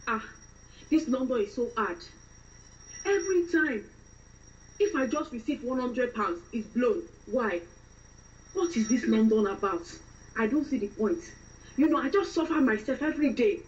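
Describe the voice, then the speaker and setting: A woman's voice: a little high, darkish tone, distant mic, lo-fi sound, a little hiss or hum. Woman doing a ranting devout Nigerian woman. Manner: preachy, exasperated ranting.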